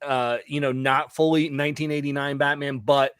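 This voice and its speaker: A man's voice: fairly high pitch, level tone, moderate pace, a bit bright, clear, resonant tone, no room sound. A man on a discussion panel, talking in a rambling way full of fillers. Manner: rambling, lots of "like" and "you know". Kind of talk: casual panel chat.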